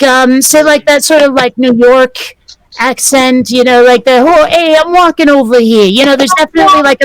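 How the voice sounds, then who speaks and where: A woman with a New England accent talks in a casual group chat, slightly high-pitched and hesitant, full of fillers. Her voice sits close and dry on a home mic, with no room around it. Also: no room sound, low-quality recording. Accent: New England American. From New England, USA. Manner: chatty, hesitant with many fillers. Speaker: panel guest.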